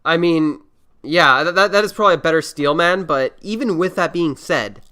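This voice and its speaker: A man's voice: a little high, moderate pace, sharp tone, clean tone. A man hosting a casual reaction podcast, rambling and swearing freely. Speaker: podcast host.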